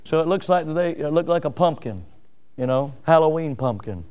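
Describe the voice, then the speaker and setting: A man pastor preaching a sermon in an animated, emphatic way, full of rhetorical questions. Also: on the high side, moderate pace, smooth.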